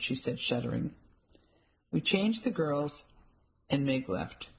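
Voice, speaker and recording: A woman reading first-person audiobook narration in a measured storytelling manner. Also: low-pitched, animated, creaky, poor audio.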